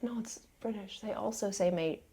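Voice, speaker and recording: A woman hosting a live stream, chatting casually indoors and quickly thanking viewers. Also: mid-range voice, warm tone, husky. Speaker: livestream host. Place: indoors in an old house.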